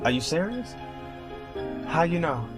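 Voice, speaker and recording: A man doing a singer on the phone from the studio, casual and disbelieving. He sits slightly high for a man. Music plays clearly under the clip. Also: sing-song, measured pace. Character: young male singer taking a phone call in the studio.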